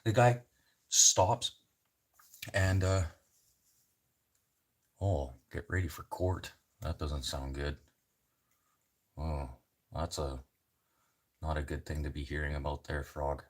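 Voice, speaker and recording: A man's voice: very deep voice, little pitch movement, measured pace, pauses often. A man, a livestreamer chatting with viewers and rambling through stories with lots of swearing. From Canada. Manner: profane, rambling storyteller. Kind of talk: casual chat with viewers.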